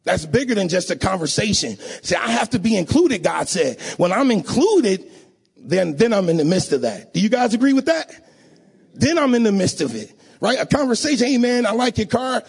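A man preaching a sermon in a church, emotional and rising to sing-song shouts, often asking the congregation to agree. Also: high voice, sing-song, normal speed, creaky, husky. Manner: call-and-response, asks audience to agree.

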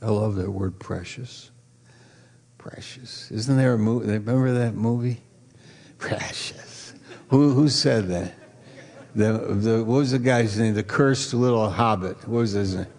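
A man's voice: lowish voice, darkish tone. A man preaching a sermon as pastor, stretching key words and quizzing his listeners playfully. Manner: drawn-out emphasis on key words.

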